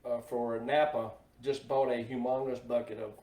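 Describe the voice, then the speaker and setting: A middle-aged man, a guest on a podcast, telling plainspoken anecdotes in a laid-back, unhurried way. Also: medium pitch, level tone, dark tone, far from the mic. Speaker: guest, NASCAR team hauler driver. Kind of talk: casual storytelling in a podcast chat. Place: podcast table in a room. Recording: echoey room, voice a bit off-mic.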